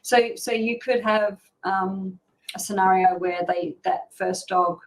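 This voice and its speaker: A woman's voice: mid-range voice, steady tone, slow pace, a little hiss or hum, rough recording. A woman guest on a podcast, chatty and explanatory, with frequent fillers and laughs. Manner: chatty, frequent "you know" and "um", laughs often. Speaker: dog behaviour expert guest. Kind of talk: casual podcast interview.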